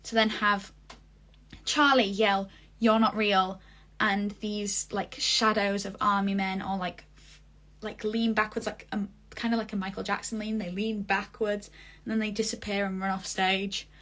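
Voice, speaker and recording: Young woman, casual vlog chat, gushing, lots of fillers, mid-pitched voice. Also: flat delivery, normal speed, fairly bright tone. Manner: chatty, gushing, many fillers. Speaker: vlogger. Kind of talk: casual theatre review vlog.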